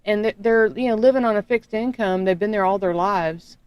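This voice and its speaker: Chatty woman co-host, smooth clear voice, kinda hesitant. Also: mid-range voice, a little fast, a little mellow. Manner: chatty, hesitant, easily corrected. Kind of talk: casual chat.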